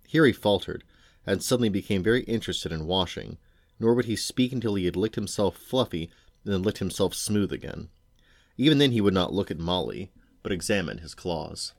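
Father reading bedtime story, low voice, dry close sound, unhurried. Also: lively intonation, creaky, no room sound. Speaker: father reading to his sons. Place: home.

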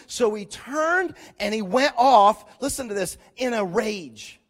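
Male pastor, high and very expressive voice, animated sermon storytelling. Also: takes it slowly, few pauses. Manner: animated storytelling, voicing characters, rising to loud emphasis.

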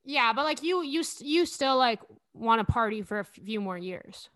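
Young woman hosting a chatty podcast, giggles a lot, kinda high voice, dead dry mic. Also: lively intonation, normal speed, a bit bright, dry recording. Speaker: podcast host. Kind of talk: casual chat.

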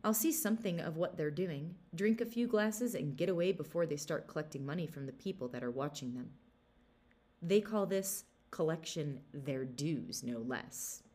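A woman voicing a stingy, gruff old farmer in a storybook reading. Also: sits low, normal speed, dark tone, natural voice. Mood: scheming. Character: stingy grumbling old male farmer, a miser.

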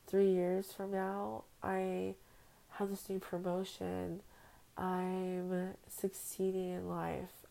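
A woman's voice: lowish voice, vocal fry, warm tone, low-quality recording. A young woman hosting her own podcast, recording at home on her phone and talking in a heartfelt, rambling, emotional personal monologue. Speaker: podcast host. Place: at home on a bed.

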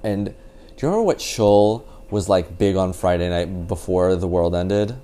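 A man's voice: low-pitched, moderate pace, mellow. A man in his twenties telling a story as a podcast guest, rambling with lots of "like" and laughing easily. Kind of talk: casual storytelling chat.

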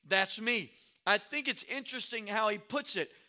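A male pastor preaching an expository sermon, reading scripture aloud and adding animated, sarcastic asides. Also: high-pitched, moderate pace.

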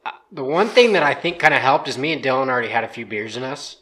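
Young guy chatting, mid pitch, rambles and repeats himself. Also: expressive, fast, pushed and bright. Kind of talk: casual chat.

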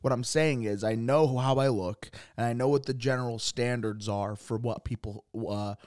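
A man's voice: medium pitch, normal speed, darkish tone, no room sound, clean studio sound. A man co-hosting a casual podcast, laughing often and swearing casually, gagging and teary-eyed. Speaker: podcast co-host. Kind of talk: casual comedic podcast chat.

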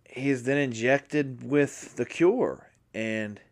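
A man's voice: medium pitch, slow. Rambling male podcast host recapping. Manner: rambling, often restarts and corrects himself; speaks from memory, apologetic and excitable. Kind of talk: casual spoken movie recap.

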